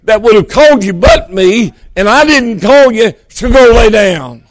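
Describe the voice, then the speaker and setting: A weary, slightly grumpy old priest brushing off a child, as a preacher puts him on. The voice is fairly high for a man and sounds dry and close. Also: expressive, unhurried, no room sound. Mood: dismissive. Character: old priest Eli, weary and a bit aggravated.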